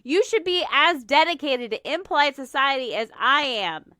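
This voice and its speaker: High, bubbly woman podcast co-host. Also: lively intonation, moderate pace, pushed and bright, no echo, clean studio sound. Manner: bubbly, swears casually. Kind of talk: casual chat.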